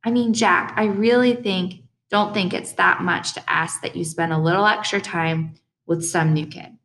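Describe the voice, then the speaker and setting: A woman reading an audiobook voices a patient mother gently coaxing her son. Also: fairly low pitch, fairly even intonation, moderate pace. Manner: coaxing, reasonable.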